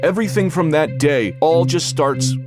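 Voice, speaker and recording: A man's voice: on the high side, normal speed, music in the background. A young man from New Jersey telling a candid personal story, rambling with fillers and acting out what people said. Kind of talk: personal story told to a podcast.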